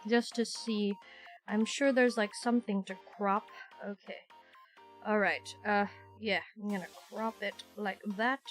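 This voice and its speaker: A young woman streaming, chatting casually and quickly with her viewers, rambling and cutting herself off, her voice a little rough from being sick. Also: medium pitch, faint music behind. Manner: fast, rambling and animated, often self-interrupting. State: recovering from illness, voice sounds rough. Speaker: VTuber streamer.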